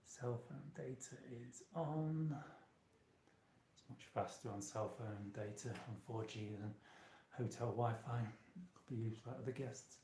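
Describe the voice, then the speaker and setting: A man's voice: mid-range voice, unhurried, dark tone, a little hiss or hum. Chatty man in a roomy room. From United Kingdom. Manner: chatty and rambling, talks straight to viewers. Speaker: channeler and live-stream host. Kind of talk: casual live-stream chat. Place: small hotel room. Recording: roomy echo.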